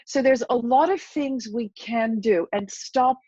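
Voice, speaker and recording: A woman's voice: a little high, measured pace, mellow, no echo, highs cut off. A woman therapist giving an interview, explaining self-help techniques and coaching a breathing exercise in a confident, instructive way. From England. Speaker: therapist and hypnotherapist guest. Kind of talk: interview answers with a guided breathing demo.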